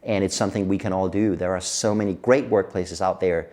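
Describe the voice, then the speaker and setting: Lively, laughing man. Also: sits low, brisk. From Denmark. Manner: animated storyteller who laughs often. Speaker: guest expert on workplace happiness. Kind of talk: casual interview chat.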